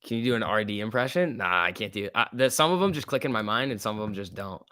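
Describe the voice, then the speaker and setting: Fast, pushed and bright, this man's lowish voice carries lively intonation as he hosts a stock trading stream live. He loosely chats through price moves, peppering his speech with "um" and "like", and reads out viewer questions to answer them. The sound is dry, echo-free.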